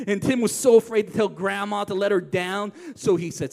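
A man preaching a sermon as pastor, swinging from loud emphatic lines to hushed, quiet ones. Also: high voice, normal speed, creaky, hardly any pauses. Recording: long hall reverb.

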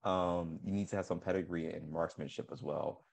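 A man co-hosting a comedic podcast, telling absurd jokes deadpan and laughing often. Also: deep voice, moderate pace, vocal fry. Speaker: podcast co-host.

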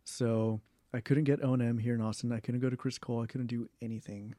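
A young man in a casual interview, talking in a rambling way with many fillers, restarts and throat clearing. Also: medium pitch, little pitch movement, fast talker, warm tone, no echo, clean studio sound. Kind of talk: casual oral history interview.

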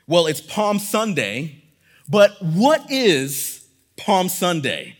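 A man's voice: high voice, wildly swooping pitch, extremely slow. Earnest male pastor preaching. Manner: earnest, emphatic preaching with repeated phrases. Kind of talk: sermon.

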